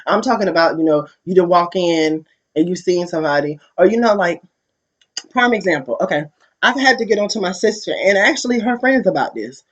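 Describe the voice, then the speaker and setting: In a dull lo-fi recording, a male vlogger delivers a casual opinion monologue to his viewers, candid, profane and full of stories. His voice sits high, with lively intonation and a slightly fast pace.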